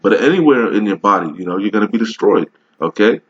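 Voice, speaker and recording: A man's voice: fairly low pitch, expressive, fast, highs cut off. A man giving casual, emphatic religious commentary over a video, rambling and often asking "all right?". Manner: rambling with many restarts while browsing.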